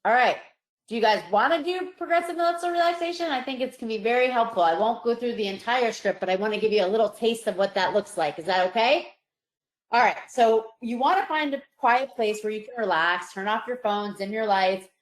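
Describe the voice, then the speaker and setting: A woman psychologist guiding listeners through a relaxation exercise, calm and slow, her voice softening on each release. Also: a little high. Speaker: psychologist presenter. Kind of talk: guided relaxation instruction. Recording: roomy echo.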